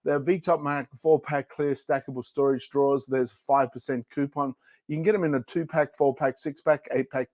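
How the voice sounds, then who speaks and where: A man's voice: medium pitch, fairly even intonation, moderate pace, a little mellow, no echo. A man hosting a casual livestream product show, chatting playfully and joking between demos. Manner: playful, jokey, rambling. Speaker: livestream shopping host. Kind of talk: casual product demo chat.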